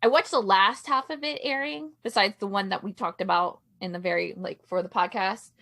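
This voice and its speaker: A woman co-hosting a podcast, speaking earnestly and haltingly with many fillers. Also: mid-range voice, gravelly, pushed and bright. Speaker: podcast co-host. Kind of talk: casual chat.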